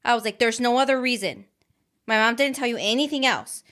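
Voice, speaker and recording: Woman, high voice, blunt, gossipy, casual podcast chat. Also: brisk, a bit bright. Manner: gossipy, blunt, mixes Spanish and English. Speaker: podcast co-host.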